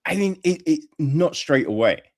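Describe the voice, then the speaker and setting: A man's voice: on the high side, expressive, normal speed. A man hosting a podcast interview, talking in a rambling casual way and often asking "right?" for agreement. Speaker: podcast host.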